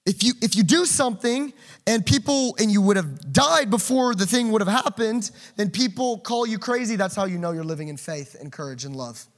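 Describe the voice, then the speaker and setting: High-voiced passionate male preacher. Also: lively intonation, brisk. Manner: passionate, swings from loud urging to quiet asides. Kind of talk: sermon.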